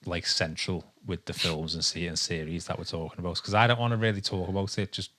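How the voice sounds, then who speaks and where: A man's voice: low voice, fairly even intonation, fast talker, sharp tone. A man from England co-hosting a casual podcast, rambling through his thoughts with lots of ums and restarts. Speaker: podcast co-host. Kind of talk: casual chat. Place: home with a dog nearby.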